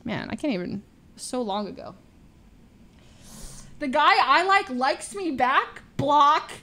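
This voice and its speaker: A young adult woman streamer telling stories in casual chat, animated and full of fillers, acting out the voices she quotes. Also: high voice, slow.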